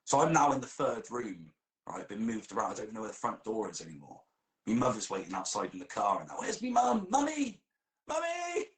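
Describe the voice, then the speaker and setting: A man's voice: fairly low pitch, fast, reverberant, low-quality recording. A man telling a comic story during role-play, swearing a lot and laughing as he goes.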